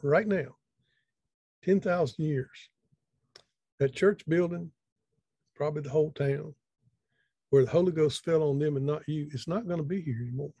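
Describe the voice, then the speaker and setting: A man's voice: fairly high pitch, normal speed, long pauses, warm tone, husky, no echo. A middle-aged man, telling a story in a folksy, conversational way over a video call, often repeating words as he thinks. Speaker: speaker. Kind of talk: storytelling talk.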